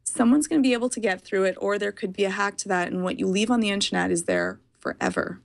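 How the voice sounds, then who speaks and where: A woman guest speaking as a parent, explaining her views in an animated, quick way and often laughing. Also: mid-range voice, gravelly. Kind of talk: casual chat.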